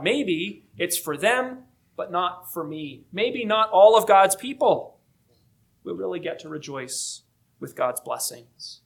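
Male pastor, slightly high voice, deliberate emphatic sermon delivery. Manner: measured, emphatic, slowing on key phrases. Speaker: preacher.

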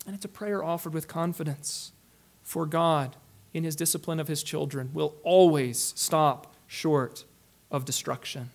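A man's voice: on the high side, steady tone, vocal fry. Earnest man preaching a sermon. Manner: earnest, emphatic preaching with swings between loud stresses and quiet drops; slows down to stress key phrases. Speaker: pastor.

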